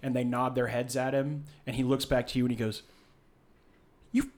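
A man narrating a tabletop game as game master, casual and relaxed with many fillers. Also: mid-range voice, fast talker.

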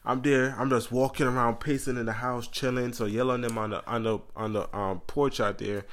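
A man co-hosting a podcast, telling a story in casual chat, animated and slangy, often laughing and acting out quotes. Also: medium pitch, fairly quick. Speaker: podcast co-host.

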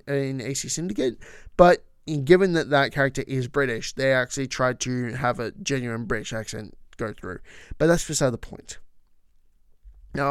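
A man's voice: on the high side, smooth, no room sound, studio quality. A man hosting a podcast, talking casually and with opinions about trivia, with frequent asides. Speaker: podcast host.

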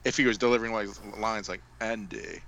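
Bright-voiced man rambling in chat. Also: mid-range voice, moderate pace, low-quality recording. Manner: rambling, self-correcting asides. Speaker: podcast co-host. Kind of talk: casual chat.

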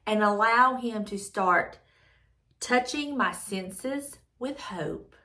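A woman's voice: on the high side, slow, bright, forceful tone. A woman hosting a devotional channel, reading aloud and reflecting earnestly, repeating her phrases as she thinks things through.

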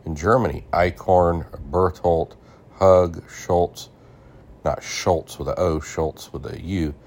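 A man hosting a Bible podcast, reading an old scholarly text aloud and stopping to add his own comments and spell out names. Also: very deep voice. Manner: reads deliberately, stops to explain names and spellings.

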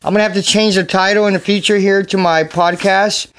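A man hosting a casual podcast into a phone in a bedroom, rambling and joking with sudden shouts. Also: sits high, little pitch movement, fairly quick. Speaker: podcast host. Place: a bedroom at home.

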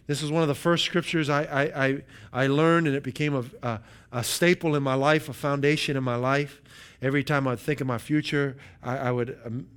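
A man preaching a sermon, emphatic, slowing down to stress key words and asking the room "right?" between points. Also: mid-range voice, a bit bright, clear, resonant tone.

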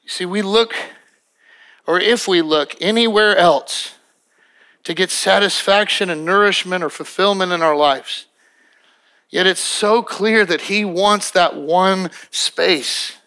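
A middle-aged pastor preaches a sermon emphatically and repetitively, acting out quick little dialogues as he goes. His voice is high with a sharp tone.

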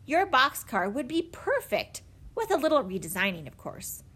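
A woman's voice: high-pitched, very animated, moderate pace, fairly bright tone, breathy edge, pitched above the performer's own voice, heavily acted. A woman voicing a nervous, pushy middle-aged man who hesitates and talks eagerly in a storybook reading.

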